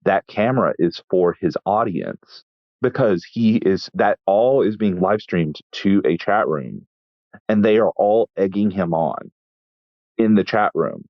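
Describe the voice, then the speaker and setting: Casting: low-pitched male chef from Texas, dry deadpan raconteur, muffled close podcast mic. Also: measured pace, no echo. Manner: wry, deadpan storytelling with frequent restarts. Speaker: chef and guest. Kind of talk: casual interview storytelling.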